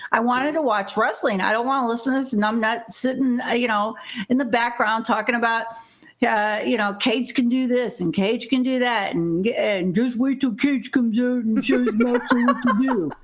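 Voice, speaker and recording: A middle-aged woman from Illinois, talking on a podcast. Her voice sits a little high, and she rambles, circling back to complaints with blunt swearing and easy laughter. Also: fairly bright tone. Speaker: podcast co-host. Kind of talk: casual chat.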